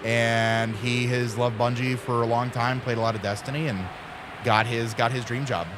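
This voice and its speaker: A man's voice: medium pitch, level tone, normal speed, background noise. A man in his thirties, a streamer, telling a rambling casual story full of fillers and little acted voices. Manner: rambling, lots of fillers, acts out friends' voices.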